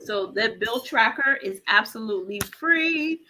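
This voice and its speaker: Female budgeting host on a casual livestream, bright tone, emotional, holding back tears, faint music underneath. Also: on the high side, lively intonation, measured pace. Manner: warm, encouraging, reads viewer comments aloud. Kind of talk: casual livestream chat with viewers.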